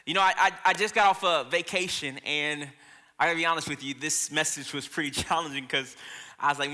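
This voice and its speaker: A man's voice: fairly high pitch, steady tone, fairly quick, bright, forceful tone, big-room sound. A man, a pastor, preaching a sermon in a casual storytelling way with asides to the congregation. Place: church auditorium.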